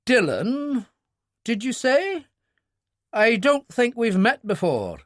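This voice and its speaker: A man's voice: very high voice, wildly swooping pitch, slow, no echo, studio quality, voice pushed up, exaggerated voice. A man voicing a stiff, indignant British intelligence official with a prickly manner.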